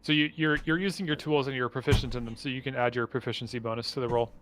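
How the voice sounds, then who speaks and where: A man's voice: medium pitch, fairly even intonation, a bit bright. A man running a tabletop game as dungeon master over a video call, rambling and often restarting his sentences. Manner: rambling, halting, many restarts.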